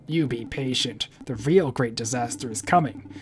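A man's voice: mid-range voice, moderate pace, faint music behind, pitched below the performer's own voice, lightly acted. A man reading the lines of a grim, vengeful leader who speaks coldly of revenge. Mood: menacing.

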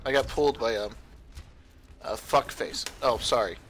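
A man's voice: mid-range voice, moderate pace, fairly bright tone, slight background noise. A young man streaming a game with a friend, chatting casually, laughing and swearing freely. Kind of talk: casual gaming chat.

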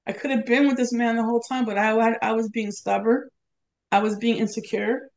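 A middle-aged woman with a fairly high voice tells a personal story as a podcast guest. She speaks with open emotion and acts out the lines of others as she retells them. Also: fairly even intonation, moderate pace, darkish tone.

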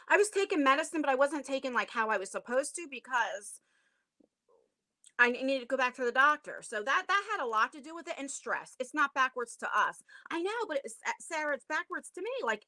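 A woman's voice: high-pitched, lively intonation, a little fast, pushed and bright, no room sound, studio quality. A middle-aged woman chatting casually with viewers on a home livestream from her attic, rambling with lots of fillers. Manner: chatty and rambling, many fillers, self-conscious laughs. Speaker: channel host. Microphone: tablet device.

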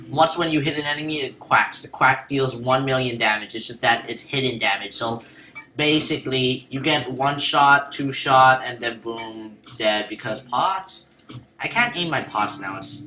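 A man giving casual, excitable commentary over his own gameplay, joking and repeating phrases as he plays. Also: medium pitch, reverberant.

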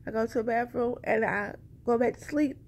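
A woman's voice: fairly high pitch, fairly even intonation, a little fast, darkish tone, slight background noise. A woman chatting casually to her viewers in a rambling, conversational way, a little short of breath. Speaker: vlogger sharing a pregnancy update. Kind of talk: casual chat to camera.

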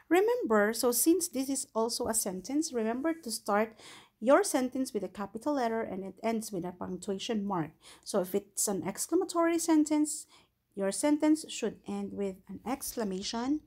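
A woman with a Filipino accent teaching a grammar lesson to young English learners, patiently repeating points and reading example sentences aloud with emphasis. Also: a little high. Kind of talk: slow, deliberate online lesson for young learners.

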